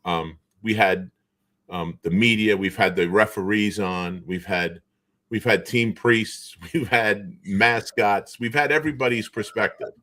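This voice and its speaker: A man from the New Bedford, Massachusetts area, telling stories as an interview guest. His voice sits a little low, and he chuckles and restarts as he talks. The delivery is animated and casual. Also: unhurried. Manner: animated storyteller, chuckles often, trails off in restarts. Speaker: guest, former basketball player and show co-host.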